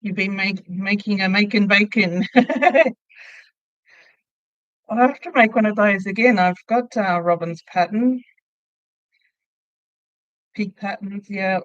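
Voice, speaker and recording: A middle-aged woman chats away on a home livestream, laughing often and reading out viewer comments as she crochets. Her voice sits at an ordinary pitch for a woman. The recording is dull and dry, with no room sound. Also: slow, pauses often, dry recording. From Australia. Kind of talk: casual live chat while crocheting.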